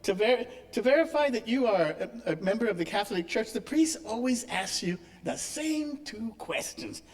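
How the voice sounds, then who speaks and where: A man's voice: high voice, animated, moderate pace, voice pushed up. A man voicing a male church gardener reassuring his friend in a told joke.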